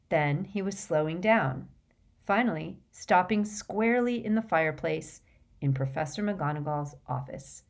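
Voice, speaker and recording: Woman, audiobook narrator, scripted narration, measured, even, lowish pitch.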